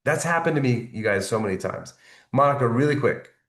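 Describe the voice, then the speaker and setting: A man's voice: medium pitch, animated, fairly quick, a bit bright, reverberant, recorded from a distance. A man coaching his team on sales follow-up, motivational and repetitive, often checking in with "right?". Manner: motivational, repeats points, asks "right?". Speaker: network marketing team leader.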